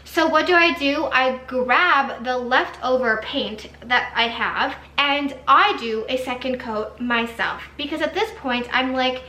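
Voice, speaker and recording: Bright-voiced woman ranting in a vlog. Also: high-pitched, measured pace, few pauses, reverberant. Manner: animated and exasperated, many "like"s. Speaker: vlogger. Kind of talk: casual storytime vlog.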